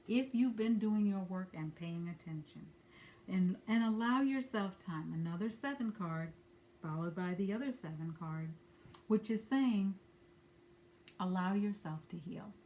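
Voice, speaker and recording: A woman with a slightly low voice gives an angel-card reading in a frank, chatty way. She swears casually and drops friendly asides as she speaks from home. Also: a little mellow. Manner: candid, blunt, swears casually. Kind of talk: spiritual guidance talk. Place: at home with a dog nearby.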